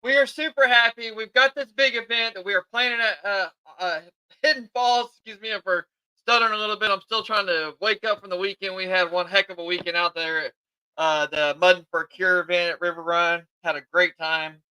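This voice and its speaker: Bright-voiced man hosting a podcast. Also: high-pitched, steady tone, brisk, clear, resonant tone, no room sound, rough recording. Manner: chatty and eager, self-admittedly tired. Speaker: podcast host. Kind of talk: casual live podcast chat.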